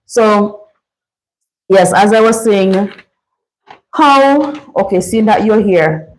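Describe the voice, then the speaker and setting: A woman's voice: medium pitch, slow pace, low-quality recording. A woman from St. Vincent with a Vincentian accent, chatting casually as host of a livestream. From St. Vincent and the Grenadines.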